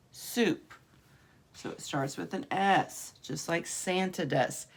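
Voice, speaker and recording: A woman teacher leads young children through a phonics lesson, stretching out each letter sound and coaxing them along. She speaks very slowly, in a lowish voice with a gravelly edge. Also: expressive. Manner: slow, encouraging, drawn-out sounds for kids.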